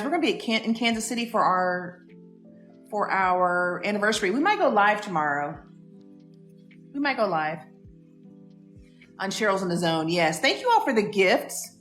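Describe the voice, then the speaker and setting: A woman's voice: medium pitch, big pitch swings, normal speed, long pauses, fairly bright tone, reverberant, faint music behind. A woman co-hosting a casual live stream from a home kitchen, chatting and reading out viewers' comments. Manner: chatty, laughing, greets viewers.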